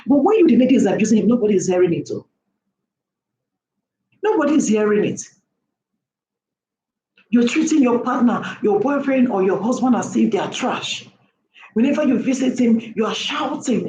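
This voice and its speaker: A woman's voice: on the high side, lively intonation, normal speed, dark tone. A woman giving an impassioned opinion monologue, lecturing with repeated rhetorical questions. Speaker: vlogger. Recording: roomy echo, faint background hum.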